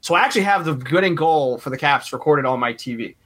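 Bright-voiced man chatting animatedly. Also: fairly high pitch, quick pace. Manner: animated, jumps between points. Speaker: podcast co-host. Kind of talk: casual chat.

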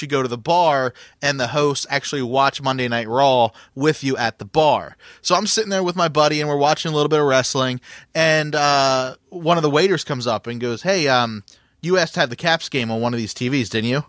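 A man's voice: on the high side, animated, a little fast, a bit bright, no room sound, clean studio sound. A man co-hosting a podcast, telling a story in casual chat, with many fillers and restarts. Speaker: podcast co-host.

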